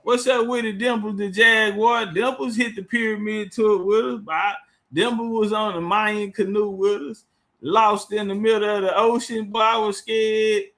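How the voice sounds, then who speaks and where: A man telling a story in a casual, animated, profane way, laughing often as he goes. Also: sits high, moderate pace.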